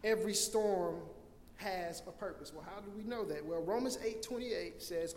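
A high-voiced man preaches an impassioned sermon, circling back over his words and restarting phrases. His voice rings through an echoey hall with a long reverb tail and faint room ambience. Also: moderate pace, a little hiss or hum. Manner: impassioned preaching, acts out scenes in loud cries. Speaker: pastor.

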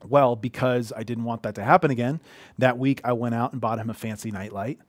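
A man's voice: medium pitch, fairly even intonation, fairly quick, no room sound. A man in his thirties giving an earnest, conversational sermon from a living room, telling heartfelt personal stories. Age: 30s. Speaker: pastor.

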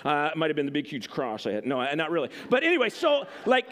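A man's voice: a little high, huge pitch swings, fast, a bit bright. A man preaching a sermon in a casual, conversational way, full of fillers and frequent "right?" checks. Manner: conversational, filler-heavy, keeps asking "right?". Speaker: pastor.

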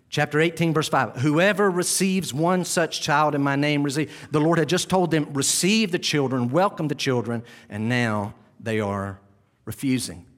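A man preaching a sermon as pastor, animated, acting out scenes and dropping to quiet asides. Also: a little high. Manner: animated, acts out shouting disciples, drops to near-whisper asides.

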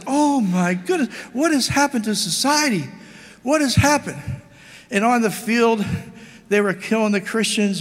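A man's voice: high-pitched, in a large hall. An older man preaching an impassioned sermon, exhorting his listeners with lots of repetition. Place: church hall.

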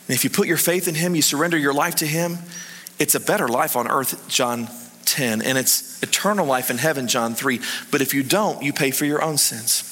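Bright-voiced pastor in a reverberant hall. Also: male voice, fairly high pitch, normal speed. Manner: animated storytelling, swings between hushed and excited. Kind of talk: sermon.

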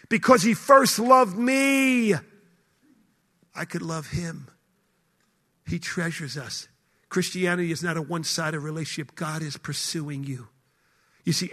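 A man preaching a passionate sermon to a room full of people, swinging between shouted declarations and hushed, intimate lines. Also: high voice, breathy edge. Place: hall with a live audience.

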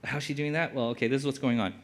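A man's voice: medium pitch, fairly even intonation, very fast. A man giving casual Bible teaching as a preacher, conversational and full of filler words. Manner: conversational, lots of "like" fillers, acts out quotes.

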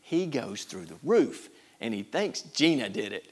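Animated preacher man. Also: mid-range voice, unhurried. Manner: animated, repeats words, swings between loud outbursts and quiet asides. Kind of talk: sermon.

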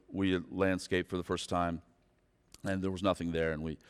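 A man preaching a sermon as pastor, turning from quiet, slow reflection to loud, fervent pleading with his listeners. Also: low-pitched, clear, resonant tone. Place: church sanctuary. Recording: long hall reverb.

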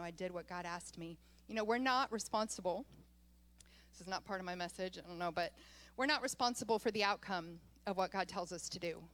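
A woman pastor delivers her sermon as a lively personal story. She talks with animation and slips into laughter often while she tells it. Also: medium pitch.

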